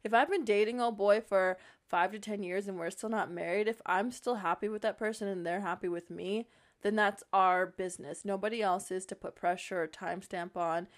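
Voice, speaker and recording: A woman's voice: medium pitch, fairly even intonation, normal speed. A young woman from Connecticut co-hosting a casual podcast, sassy and emphatic, with many "like"s. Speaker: podcast co-host.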